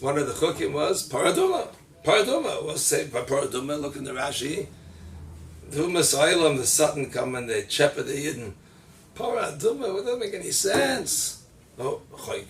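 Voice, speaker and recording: A man, a rabbi, giving a holiday sermon as animated storytelling, acting out the voices he quotes and mixing Hebrew and Yiddish terms into his English. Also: on the high side, moderate pace. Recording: distant mic with faint background noise.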